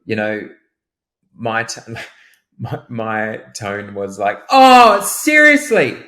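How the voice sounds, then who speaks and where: A man talking as a guest on a casual podcast, hesitant and loose, jumping high when he imitates others. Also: level tone, very slow, fairly bright tone.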